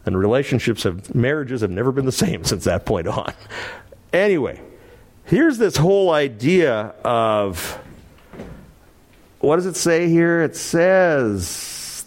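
Man, Bible teacher, animated, frequent laughs, wide swinging pitch, mid-range voice. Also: slow. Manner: animated, laughs often, dramatizes quoted lines.

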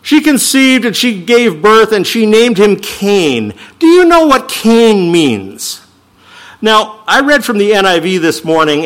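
A man preaching a sermon, reading scripture slowly and with emphasis, then explaining it in quicker asides. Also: high-pitched, a bit bright. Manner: emphatic, swings from slow declaiming to quick asides. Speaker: pastor.

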